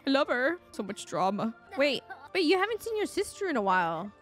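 Woman game streamer, high voice, excitable and chatty, light music underneath. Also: a little fast. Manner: excitable, chatty, gasps and laughs often. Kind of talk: casual gameplay commentary.

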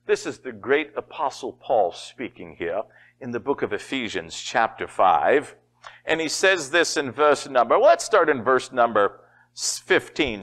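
Animated laughing pastor preaching. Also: male voice, mid-range voice, a little slow. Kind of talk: sermon.

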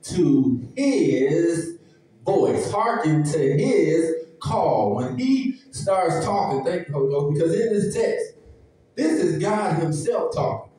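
High-pitched preacher in an echoey church. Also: male voice, lively intonation, slow pace, dark tone, distant mic. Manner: preaching with call-and-response, folksy and emphatic. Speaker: pastor. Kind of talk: sermon. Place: church sanctuary.

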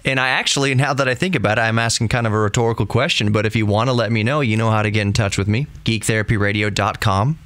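Chatty radio-style podcast host, dry mic. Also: male voice, lowish voice, steady tone, fast talker, few pauses, a bit bright, no echo. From Texas. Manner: chatty, rambling, self-deprecating. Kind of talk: casual solo podcast monologue.

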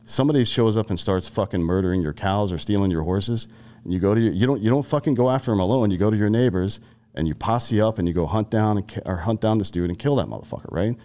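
A man's voice: lowish voice, fast, warm tone. A man in his thirties from the Carolinas, a podcast guest and army veteran, talking bluntly and profanely in casual conversation, telling stories with frequent restarts.

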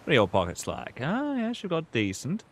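A man's voice: fairly high pitch, huge pitch swings, moderate pace. A man giving joking gameplay commentary as a YouTuber, bantering with mock slang asides. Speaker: gaming YouTuber.

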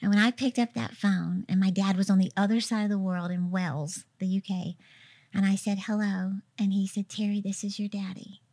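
A woman in her fifties telling a heartfelt testimony in conversation, softly acting out the words of others as she tells it. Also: medium pitch, steady tone, normal speed. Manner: emotional storytelling, acts out quoted dialogue softly. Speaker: guest, minister.

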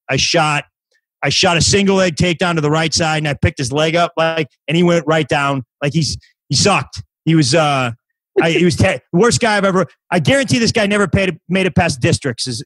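In his fifties, this comedian is a podcast guest spinning a rambling story in casual chat, full of restarts, false starts and acted-out quotes. His voice sits on the high side with a fairly bright tone. The recording is low quality with no room sound.

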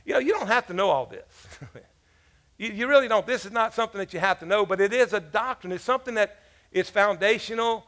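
A man's voice: high voice, animated, fast talker, fairly bright tone. A man pastor preaching a sermon in a casual, joking storytelling manner, with asides to the congregation. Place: church.

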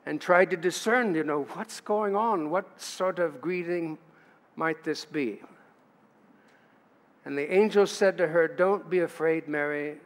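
A man preaching a sermon as pastor, in a chatty way with asides to the congregation. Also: fairly high pitch. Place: church sanctuary. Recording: church livestream with long hall reverb.

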